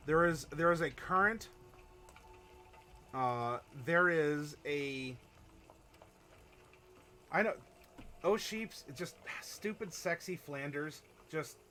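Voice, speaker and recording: Bright, chatty male streamer. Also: on the high side, a little hiss or hum. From Ohio. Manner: chatty, rambling, reads chat aloud and laughs often. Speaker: streamer running a worldbuilding workshop. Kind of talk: casual live-stream talk to chat.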